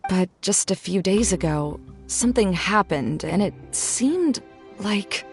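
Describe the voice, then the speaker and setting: A woman voicing a composed, businesslike woman guide in a video game, brisk and teasing. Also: mid-range voice, expressive, vocal fry. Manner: brisk, teasing, matter-of-fact. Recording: game audio with music behind.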